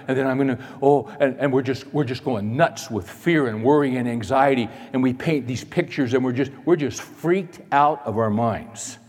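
A male pastor preaching a sermon in a church, dramatic, moving between loud emphasis and hushed asides. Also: mid-range voice, moderate pace, in a large hall.

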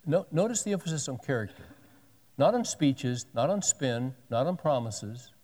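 A man's voice: mid-range voice, lively intonation, moderate pace, warm tone. A man in his sixties preaching a sermon, reading scripture aloud and breaking in with folksy joking asides. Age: 60s. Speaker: pastor. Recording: long hall reverb.

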